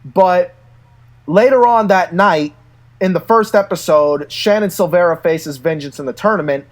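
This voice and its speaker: A man in casual chat, telling stories in an animated way and laughing often. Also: sits high, normal speed. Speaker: podcast co-host.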